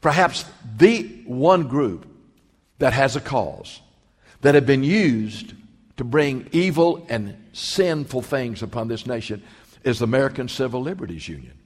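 Animated preacher in a reverberant hall. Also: male voice, mid-range voice, measured pace, slightly rough. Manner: animated preaching, rising and dropping emphatically. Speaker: pastor. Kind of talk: sermon. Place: church sanctuary.

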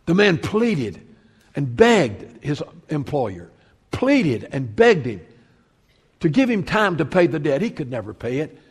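A man's voice: a little high, sing-song, a little slow, breathy edge. Storytelling preacher man in a reverberant hall. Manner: storytelling preacher, swings from loud emphasis to hushed. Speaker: pastor. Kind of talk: sermon. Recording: long reverb of a large hall.

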